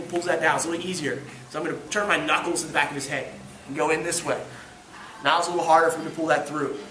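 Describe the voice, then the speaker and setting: Heard from a distance in an echoey indoor gym, a jiu-jitsu instructor leads a live grappling class. His voice sits high with a sharp edge, and he cracks self-mocking jokes as he coaches and demonstrates on a partner.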